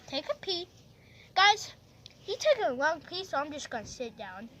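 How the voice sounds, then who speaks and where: Casting: chatty vlogger woman, high and bright, very lively delivery, faint hiss behind. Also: moderate pace. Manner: excitable, chatty, talks to viewers. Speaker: vlogger narrating toy play. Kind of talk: pretend-play vlog narration.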